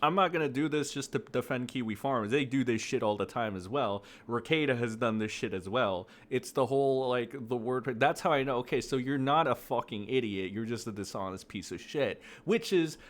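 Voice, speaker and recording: A man's voice: medium pitch, moderate pace, hardly any pauses. A man ranting through casual commentary, profane and exasperated, full of fillers and mocking quotes. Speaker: commentary streamer.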